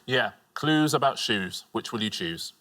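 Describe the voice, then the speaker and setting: A man co-hosting a quiz show, explaining the answers in a measured, wry way. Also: medium pitch, lively intonation, pushed and bright, slight background noise. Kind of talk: game show commentary. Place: TV studio.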